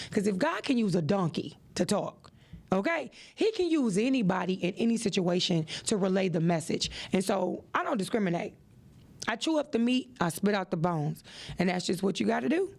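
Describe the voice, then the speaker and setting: Woman host with a gravelly edge, preachy and animated. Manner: animated and preachy, with expressive rises in pitch. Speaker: podcast host. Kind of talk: motivational podcast talk.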